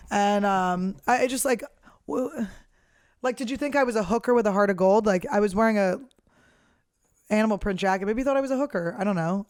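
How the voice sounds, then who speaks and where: A woman's voice: mid-range voice, dry recording, clean studio sound. A woman comedian in her thirties telling a story in a casual, blunt, profane rant. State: hiccuping and burping. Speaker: comedian and host.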